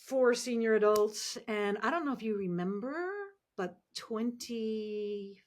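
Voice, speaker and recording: A woman telling animated, emotional stories as a podcast guest, acting out the voices she quotes. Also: medium pitch, measured pace. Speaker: podcast guest, ministry founder. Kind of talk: conversational storytelling interview.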